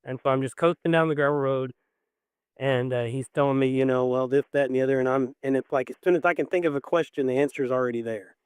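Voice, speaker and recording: A man's voice: medium pitch, quick pace, smooth, dry recording. A man calling a late-night radio show, telling a long personal story in a rambling way, full of "like" and "you know". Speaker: caller. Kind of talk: emotional call-in storytelling.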